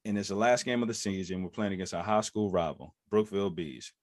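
With a low voice running a little fast, a former NFL running back in his thirties tells a story as a podcast guest. He animatedly voices others' lines at a raised volume. The clean studio sound has no room sound.

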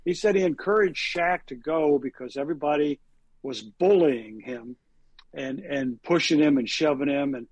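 With a fairly high, breathy voice and a moderate pace, a sports reporter co-hosting a casual talk show rambles through anecdotes heavy on statistics and fillers. There's no room sound on the recording.

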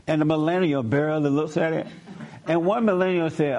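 A man with a somewhat higher voice asks pointed questions in a blunt, insistent way. He keeps pushing his guest with "why" and slips into lecturing, raising his pitch as he drives his point home. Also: fairly even intonation, a little fast, a little mellow. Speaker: interviewer. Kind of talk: probing conversational interview.

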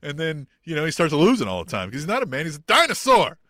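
A man's voice: fairly high pitch, wildly swooping pitch, fast, crowd noise. A man co-hosting a casual wrestling podcast, laughing often and swearing as he chats. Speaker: podcast co-host.

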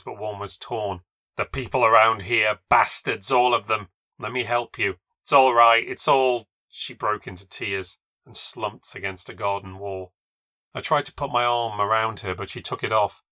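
A man narrating a first-person ghost story from a script, in a wry, measured and reflective way. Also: on the low side, pushed and bright, dry recording. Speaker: podcast narrator.

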